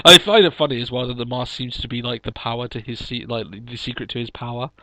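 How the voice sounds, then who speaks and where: A man's voice: medium pitch, steady tone, brisk, bright, forceful tone, low-quality recording. A man co-hosting a casual wrestling podcast, talking loosely with lots of fillers and frequent laughter. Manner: chatty, laughs often, many fillers. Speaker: podcast co-host. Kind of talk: casual chat.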